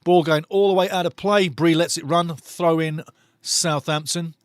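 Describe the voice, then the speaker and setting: A man's voice: a little high, fairly even intonation, normal speed, clear, resonant tone, no room sound, clean studio sound. A man doing passionate live football commentary for a watch-along, mocking the referee and bantering with the chat.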